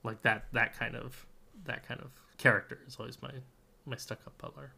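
A man's voice: medium pitch, fairly even intonation, normal speed, gravelly, pushed and bright, slightly rough. A man co-hosting a tabletop gaming podcast, chatting casually and rambling a little, laughing often. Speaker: podcast co-host, game master. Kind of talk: casual chat.

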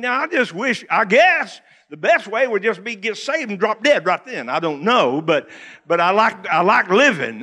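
A man's voice: high voice, bright, forceful tone. A man preaching a sermon in a church, folksy and joking, laughing often at his own stories. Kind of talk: humorous sermon.

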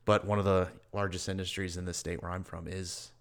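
Rambling, low-voiced male podcast co-host. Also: little pitch movement, a little fast, smooth. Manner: rambling, hedging with lots of "like". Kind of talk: casual chat.

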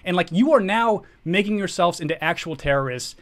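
A man's voice: sits high, lively intonation, a little fast, a bit bright. A man co-hosting a casual podcast, ranting heatedly about politics with profanity and frequent restarts. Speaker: podcast co-host.

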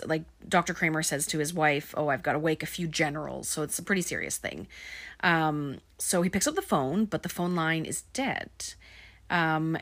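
A woman with a low voice talks through a film plot in a loose, chatty way, filling pauses with ums and likes. The sound is dry and close, with no room echo. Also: fairly bright tone. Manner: casual, with many ums and likes. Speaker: film recap narrator. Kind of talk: casual spoken film recap.

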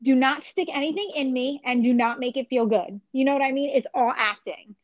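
A woman's voice: high-pitched, brisk, dry recording, dull audio. A woman telling blunt stories in a casual chat over a call, with lots of "like" and "you know what I mean". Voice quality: blunt, chatty storyteller with frequent "like". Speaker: guest.

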